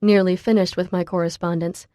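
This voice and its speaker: A woman narrating a novel in first person, reading in a quiet, measured way. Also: lowish voice, little pitch movement, dry recording, clean studio sound. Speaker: audiobook narrator.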